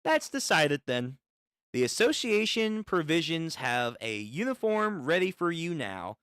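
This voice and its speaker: A man reading the part of a calm, commanding witches' association leader, in a measured and decisive manner. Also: on the high side, smooth, no room sound, clean studio sound.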